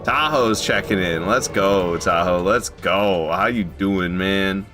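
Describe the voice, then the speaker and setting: A man streaming a video game, chatting casually with his viewers and joking, who jumps into high yelps when something surprises him. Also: slow pace, few pauses, a bit bright, soft background music. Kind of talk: casual live gameplay commentary.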